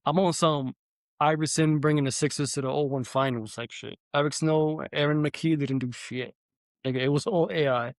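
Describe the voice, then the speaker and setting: A man's voice: fairly high pitch, normal speed, no echo. Casual New man telling stories. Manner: animated storytelling, heavy profanity, swings loud and soft. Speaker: podcast host. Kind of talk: casual chat.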